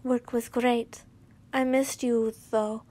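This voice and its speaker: A woman voicing a loving young wife who narrates the story, gentle and halting, often correcting herself mid-line. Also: fairly high pitch, level tone. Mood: tender.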